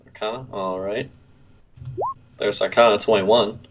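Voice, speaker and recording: Slow, deliberate man playing a tabletop game. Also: on the low side, steady tone, lo-fi sound, background noise. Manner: slow, deliberate, asks rules questions. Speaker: player. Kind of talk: casual tabletop play.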